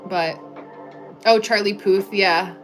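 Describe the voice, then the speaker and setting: A woman's voice: medium pitch, fairly even intonation, slow pace, fairly bright tone, faint music behind. A young woman from the United States hosting a casual livestream, reading viewer comments and answering them in a chatty way, full of "like" fillers, on a clip-on mic. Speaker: livestream host.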